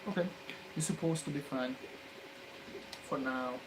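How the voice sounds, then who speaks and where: A man's voice: medium pitch, a little slow. Man muttering and swearing over soldering. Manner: mutters quietly, then erupts into loud profane yelling. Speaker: maker filming his electronics work. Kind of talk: muttered running commentary while soldering. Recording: steady background noise.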